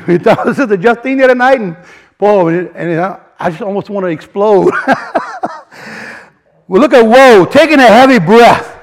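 A man teaching a sermon in a casual, animated way, often restarting phrases and building emphasis. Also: sits high. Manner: animated, repeats and restarts, rising emphasis, colloquial grammar. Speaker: preacher. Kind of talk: sermon teaching from word studies.

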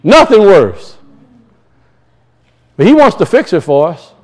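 A middle-aged man with a notably high voice preaching a lively sermon. He swings his pitch up and down, circles back on phrases for emphasis, and slips into acted-out voices. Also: slow pace, low-quality recording. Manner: animated preaching, rises and drops in pitch, acts out quoted voices; repeats and restarts phrases for emphasis.

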